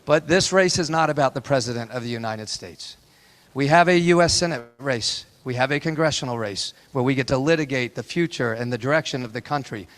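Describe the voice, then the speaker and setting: A man's voice: mid-range voice, a little fast, a bit bright. A man in his forties giving a town hall campaign speech, telling a family story in a folksy, impassioned way with repeated rhetorical lines. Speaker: political candidate. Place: town hall meeting room.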